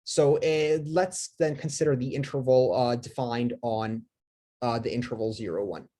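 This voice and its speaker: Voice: medium pitch, moderate pace, warm tone. A lecturer giving a live math lecture, talking with many fillers, restarts and self-corrections, and asking the class questions.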